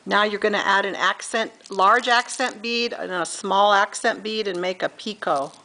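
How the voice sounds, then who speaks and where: A woman's voice: mid-range voice, normal speed, bright, forceful tone, low-quality recording. A middle-aged woman giving a patient step-by-step beading tutorial, counting beads aloud and correcting herself as she goes. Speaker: beading instructor.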